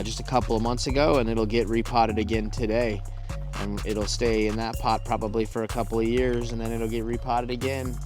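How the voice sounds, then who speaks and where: A man hosting his plant channel in a casual unboxing vlog, excitable and sprinkling "dude" and "bro" through his talk. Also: mid-range voice.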